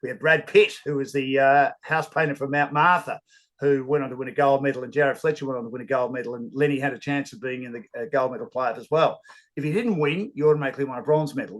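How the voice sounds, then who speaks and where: A middle-aged Australian sports broadcaster, telling rambling, animated anecdotes in a casual interview. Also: male voice, mid-range voice, rough recording.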